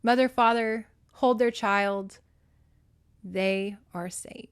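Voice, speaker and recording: Casual woman host gushing over a book, mid pitch, emotional delivery, salty language. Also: slow pace, clean tone. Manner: animated and emotional, swings between loud and soft; laughs and curses freely. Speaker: podcast host. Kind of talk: casual book recap monologue. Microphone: phone.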